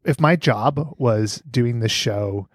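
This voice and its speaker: A man's voice: mid-range voice, takes it slowly, dry recording, studio quality. A man co-hosting a podcast, chatting casually, rambling and joking, swearing freely. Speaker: podcast co-host. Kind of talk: casual chat.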